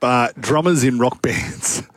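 A man's voice: mid-range voice, slow, no echo. A man co-hosting a radio chat, teasing and joking. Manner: teasing, jokey. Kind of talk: casual radio banter.

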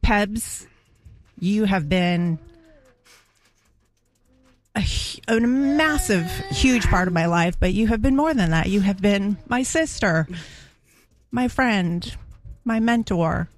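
A woman radio colleague giving a soft, emotional tribute on air. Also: medium pitch, expressive, takes it slowly, pauses often. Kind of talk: heartfelt tribute on live radio.

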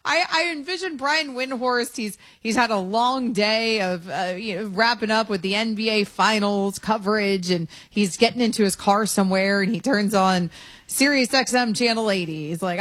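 A woman's voice: mid-range voice, normal speed, fairly bright tone, dry recording. A woman hosting a sports radio show in a studio, chatting casually in a playful, teasing way and laughing easily. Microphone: studio microphone.

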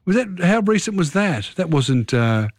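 A man hosting a late-night radio quiz, chatty and quick to laugh. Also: sits high, sing-song, dry recording, studio quality. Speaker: radio host. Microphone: studio microphone.

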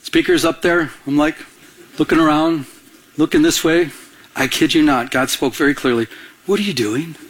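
A man's voice: on the high side, fairly even intonation, moderate pace. A man preaching a sermon as a pastor, telling personal stories and acting out the voices of the people in them. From Michigan. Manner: storytelling, acts out quoted voices.

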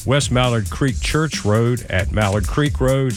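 A male radio traffic and weather reporter reading briskly over music. His pitch stays mid-range. He rattles off road names and temperatures in a steady broadcast rhythm.

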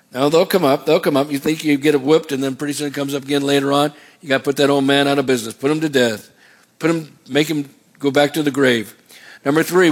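A man preaching a sermon as pastor, asking the congregation call-and-response questions. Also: mid-range voice.

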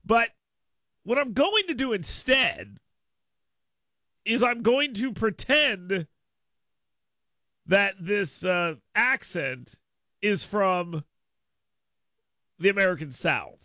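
A male radio talk show host with a high, bright voice, recorded dry and close in the studio. He rambles through a story, full of asides and sudden emphasis. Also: expressive, slow pace, long pauses, no room sound. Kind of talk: casual radio monologue. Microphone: studio microphone.

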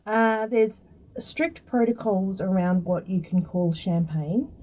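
A woman's voice: mid-range voice, steady tone, slow pace, a little mellow, recorded from a distance, a little hiss or hum, rough recording. A woman, chatting casually as a guest and explaining food science with lots of fillers. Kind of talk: casual interview talk.

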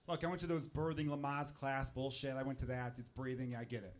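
Crude, exasperated stand-up comedian. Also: male voice, medium pitch, little pitch movement, quick pace, slight background noise.

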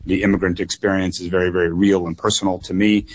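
A man's voice: sits low, level tone, fast. A man running for office, answering radio call-in questions earnestly and often repeating words for emphasis. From United States. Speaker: political candidate, guest.

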